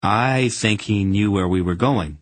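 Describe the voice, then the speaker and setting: A man's voice: lowish voice, unhurried, no room sound, close to an everyday voice. A man voicing an eager young man who blurts out his thoughts. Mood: urgent.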